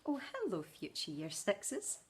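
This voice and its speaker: A woman's voice: mid-range voice, wildly swooping pitch, unhurried. A woman from Scotland with a Scottish accent, a primary school teacher chatting playfully to her future pupils in a welcome video while out on a walk. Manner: playful, chatty, fond of puns. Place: outdoors on a walk.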